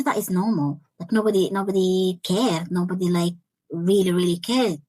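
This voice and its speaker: Brief: young adult woman, interview guest, earnest and halting, lowish pitch, dry recording. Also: warm tone, no room sound, low-quality recording. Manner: earnest, halting, repeats words as she searches for them. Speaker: interview guest, life coach. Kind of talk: personal testimony in conversation.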